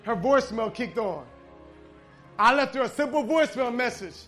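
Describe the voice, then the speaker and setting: A man preaching a sermon, telling a story in a conversational way that swings between loud emphasis and hushed intensity. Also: very high voice, lively intonation, normal speed, soft background music.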